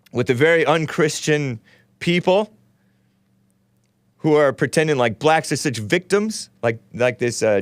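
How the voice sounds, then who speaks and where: A man's voice: mid-range voice, no echo, studio quality. A man hosting a casual call-in talk show, rambling and sarcastic, reading news aloud with his own running commentary and stumbling over names.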